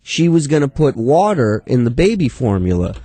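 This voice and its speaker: Crude, ranting radio sidekick. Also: male voice, mid-range voice, big pitch swings, moderate pace, warm tone, no room sound. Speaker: radio co-host. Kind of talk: casual radio banter.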